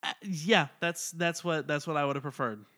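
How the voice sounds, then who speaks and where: A man's voice: a little high, moderate pace, pushed and bright. A man co-hosting a comic book podcast, giving blunt, laid-back opinions. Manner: blunt, laid-back, mostly short agreements. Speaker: podcast co-host. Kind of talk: casual comic book review chat.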